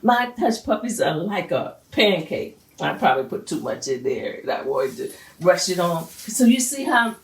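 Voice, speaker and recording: A woman's voice: on the low side, sing-song, normal speed, hardly any pauses, recorded from a distance. A middle-aged woman hosting a home cooking show, talking casually and encouragingly as she cooks and repeating herself often. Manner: sings a church hymn. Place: home kitchen. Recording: roomy echo, voice away from the mic.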